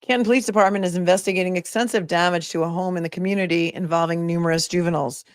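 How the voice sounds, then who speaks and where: A woman's voice: fairly low pitch, fairly even intonation, very fast, dry recording, studio quality. A woman attorney hosting a casual livestream, chatting with viewers and thinking aloud with many asides. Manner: reads viewer messages aloud. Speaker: attorney and commentator.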